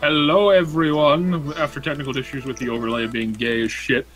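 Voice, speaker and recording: A man's voice: mid-range voice, fairly even intonation, a little fast, fairly bright tone, soft background music, low-quality recording. A young man acting as game master, recapping a tabletop campaign in a laid-back, profane, joking way. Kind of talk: casual tabletop game narration.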